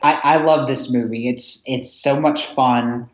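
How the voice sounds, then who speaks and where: A man's voice: mid-range voice, steady tone, a little slow. A man co-hosting a podcast, chatting casually about a film, laughing often as he retells scenes. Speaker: podcast co-host. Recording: echoey, dull lo-fi sound.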